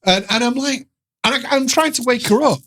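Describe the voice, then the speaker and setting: A middle-aged man telling a ghost story in an interview, animated, laughing often and restarting his sentences. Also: extremely high pitch, brisk. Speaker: guest storyteller.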